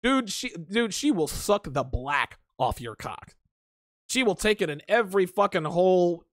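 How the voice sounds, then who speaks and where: A man with a fairly high, very animated voice that swings up and down as he talks off the cuff on a livestream. He answers his chat bluntly, swears freely and laughs often. The sound is close and dry, with no room around it. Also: measured pace, dry recording. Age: adult. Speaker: livestream host reading chat. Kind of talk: casual unscripted livestream chat.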